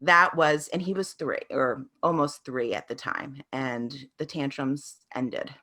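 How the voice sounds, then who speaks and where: A woman's voice: very deep voice, a little slow, pushed and bright. A woman answering interview questions as a parenting coach, telling her experiences in an earnest, reflective way.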